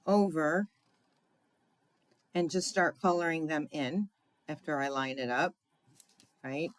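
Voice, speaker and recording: Woman host, unhurried and a bit low-pitched, chatty live craft demo with asides to viewers. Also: poor audio. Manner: chatty, thinks aloud with fillers and asides to viewers. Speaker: crafting demonstrator. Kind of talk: casual live craft demonstration.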